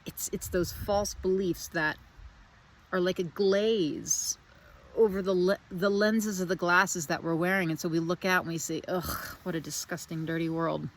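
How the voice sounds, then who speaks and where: A woman's voice: on the low side, fairly even intonation, unhurried. A woman musing reflectively on spiritual ideas, speaking outdoors in a meandering, searching way and repeating phrases. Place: outdoors in the wind.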